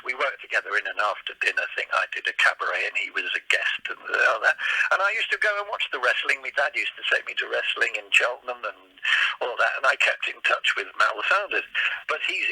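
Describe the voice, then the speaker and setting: A man's voice: mid-range voice, very animated, quick pace, pushed and bright, breathy edge, dry recording, low-quality recording. An older man, a guest impressionist, telling rambling anecdotes in casual chat.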